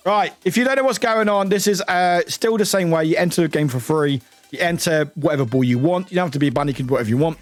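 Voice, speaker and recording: A tired British man hosts a live stream, his fairly high voice jumping all over in pitch. He rambles excitably and swears casually. Faint music plays behind him. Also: fast talker, no room sound. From United Kingdom. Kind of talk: casual livestream chat.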